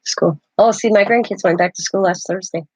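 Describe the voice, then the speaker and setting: A woman's voice: medium pitch, fairly quick, a little mellow, slight background noise. A grandmother in her fifties chatting casually while she crafts, laughing often and greeting viewers. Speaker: craft vlogger. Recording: dull lo-fi livestream audio.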